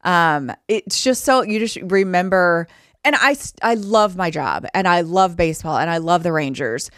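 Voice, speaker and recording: At a moderate pace, a woman with a smooth voice on the low side co-hosts a podcast, telling casual stories about her sports broadcasting job. The studio-quality recording has no echo, and her quotes come out animated.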